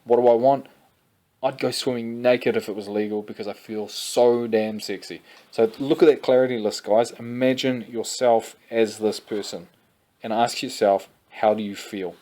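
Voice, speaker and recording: A man's voice: mid-range voice, fairly even intonation, normal speed, dark tone. A young adult man, presenting a fitness course energetically and repeatedly addressing viewers as guys. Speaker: fitness coach.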